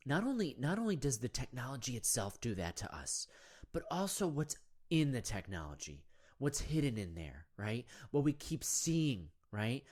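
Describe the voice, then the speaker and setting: A man's voice: mid-range voice, a little mellow. A man hosting a podcast, talking in a rambling, conspiratorial monologue full of rhetorical questions, with "right?" and "you know" all through it. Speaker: podcast host.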